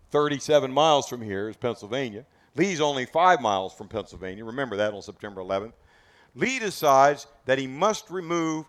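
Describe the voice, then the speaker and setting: A battlefield tour guide with a mid-range voice leads a group through a history talk at a historic site outdoors. Dramatic and emphatic, he keeps firing rhetorical questions at his listeners.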